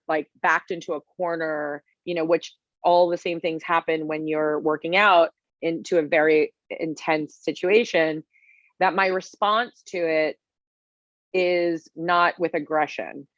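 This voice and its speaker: A woman in her forties with a deep voice, appearing as a guest chef in a casual interview. She tells stories in an animated way, using lots of fillers. The recording has no echo and the highs are cut off.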